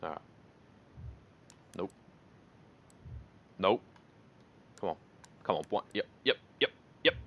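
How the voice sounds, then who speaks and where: An Australian man streaming a shooter game in casual commentary, excitable and swearing often as he chats with viewers. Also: deep voice, slow, long pauses, muffled recording, heavy background noise. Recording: loud gunfire over the voice. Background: loud game gunfire and explosions.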